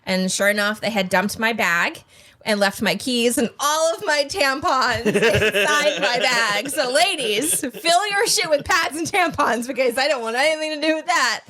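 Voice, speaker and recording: A woman's voice: high voice, expressive, normal speed, sharp tone. A woman co-hosting a TV reaction video, telling a long personal story in a loose, chatty way, full of "like" and little laughs. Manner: chatty, filler-heavy, frequent "like". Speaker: co-host of a TV reaction channel.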